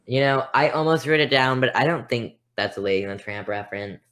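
A woman with an unusually deep, low-pitched voice chats on a podcast. She rambles from thought to thought and pokes fun at herself, keeping it loose and easygoing. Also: fast, fairly bright tone. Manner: chatty, rambling, self-deprecating. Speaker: podcast co-host. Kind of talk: casual chat.

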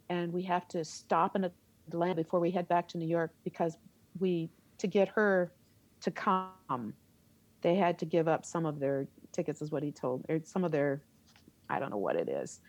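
Animated middle-aged woman telling a story. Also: lowish voice, dry recording. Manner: animated, laughs often and acts out her own reactions. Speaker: guest, theater teacher. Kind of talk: conversational storytelling in an interview.

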